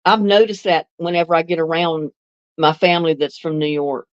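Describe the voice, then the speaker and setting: Here the older North Carolina host sounds low and brisk, and the recording is muffled, with no room sound. Her accent is Southern mixed with some Northern; she chats on her livestream, recalls old times and reads viewer comments with easy laughter.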